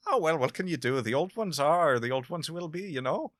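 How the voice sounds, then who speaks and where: A man putting on a high, breathy mock Irish accent to voice a corny, worried man from an old novel. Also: expressive, brisk, fairly bright tone, no echo. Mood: resigned. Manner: worried, sing-song parody delivery.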